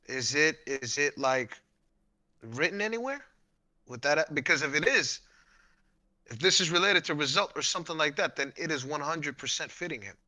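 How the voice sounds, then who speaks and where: A man's voice: on the high side, expressive, normal speed, bright, forceful tone, no room sound. A man in casual chat, asking pointed questions in a blunt, profane way.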